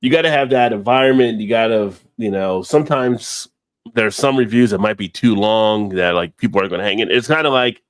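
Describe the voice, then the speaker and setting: A man's voice: fairly low pitch, a little fast, clear, resonant tone, no echo. A middle-aged man hosting a casual live stream chat, talking frankly and swearing casually.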